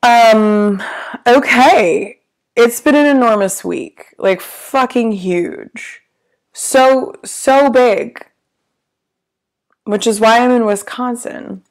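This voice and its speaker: A woman hosting a casual livestream from a small hotel room, with a low gravelly voice and a theatrical, chatty manner that slips into swearing. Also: extremely slow. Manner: theatrical, grand greetings, then chatty with swearing. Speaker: livestream host.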